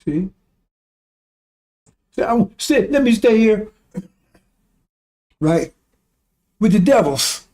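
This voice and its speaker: A man's voice: high-pitched, lively intonation, slow pace, pauses often, dark tone. A man giving a rambling, emphatic religious talk, swearing when he gets worked up. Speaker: religious teacher. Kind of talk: informal religious teaching.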